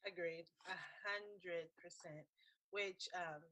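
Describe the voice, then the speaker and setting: A woman runs a relaxed interview, reading playful questions and reacting with giggles. Her pitch swings up and down a lot. Her tone is bright and sharp. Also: normal speed. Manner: giggly, expressive question-asker. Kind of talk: casual interview.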